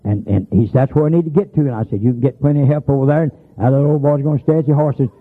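A man's voice: mid-range voice, rapid-fire, husky. A man preaching a sermon in a folksy, storytelling manner that climbs to emphatic hollers. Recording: tinny phone-like sound.

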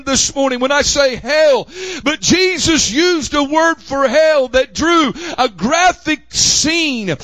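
A man with a Southern accent preaching a fiery sermon as pastor of his church, often shouting. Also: very high voice, no room sound. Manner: impassioned preaching, frequent shouting. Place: church sanctuary.

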